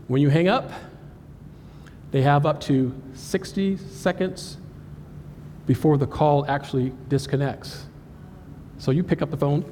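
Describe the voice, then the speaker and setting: An animated man presents on cybersecurity to a live audience. He jokes often and asks the crowd questions. His voice sits a little high for a man and carries a long hall reverb over faint room ambience. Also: a little slow, pauses often, a little hiss or hum. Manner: animated and joking, talks straight to the audience. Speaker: cybersecurity speaker. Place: conference hall.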